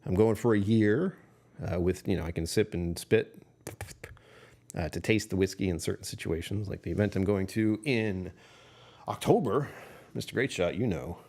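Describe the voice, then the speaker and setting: A man's voice: sits low, moderate pace, pauses often, darkish tone. Rambling middle-aged man on a livestream. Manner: rambling, chuckling, chatting with viewers. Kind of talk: casual livestream chat.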